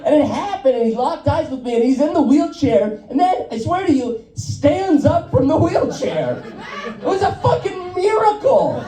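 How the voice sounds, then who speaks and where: A man doing stand-up, swinging his pitch up and down through profane, self-mocking stories. His voice sits a bit back from the mic in a roomy venue. An audience laughs behind him. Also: moderate pace, recorded from a distance. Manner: self-deprecating, profane, animated storytelling. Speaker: stand-up comedian. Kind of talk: stand-up comedy set. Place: live comedy venue. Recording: roomy live sound, voice off-mic, crowd laughing.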